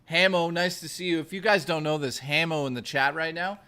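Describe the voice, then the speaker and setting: A man hosts a livestream in a fairly high, steady, pushed and bright voice, speaking briskly. He chats casually with viewers, reading out their messages and making profane jokes.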